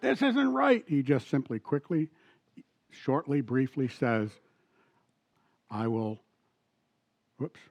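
A man's voice: mid-range voice, a little mellow, dry recording, highs cut off. Conversational pastor man preaching a sermon. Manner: conversational, asks the congregation questions and reads scripture slowly. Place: church sanctuary.

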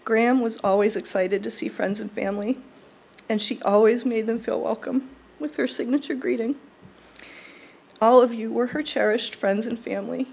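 A young woman delivering a prepared eulogy at a funeral service, in a warm, fond and measured way. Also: fairly high pitch, fairly even intonation, gravelly, husky. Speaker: eulogy speaker.

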